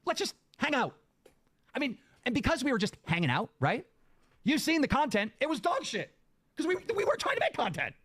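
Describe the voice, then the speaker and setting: A man's voice: very high-pitched, huge pitch swings, fairly quick, fairly bright tone, slightly rough, no room sound. A man in a clip, ranting angrily at his audience and swearing constantly. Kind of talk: angry profane rant.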